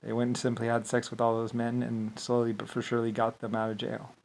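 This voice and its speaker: A man talking alone in a loose, rambling rant at an ordinary middle pitch. He swears freely and waves things off with filler, one thought spilling into the next. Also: monotone, quick pace, creaky, darkish tone. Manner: profane, dismissive rant with frequent filler. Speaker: channel host. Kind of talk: rambling solo monologue.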